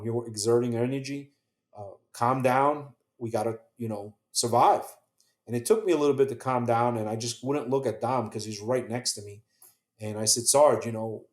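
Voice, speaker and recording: A middle-aged American man, a police officer, earnestly recounting a harrowing survival story in an interview. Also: mid-range voice. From United States. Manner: earnest, quiet recounting with quoted dialogue. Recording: roomy echo.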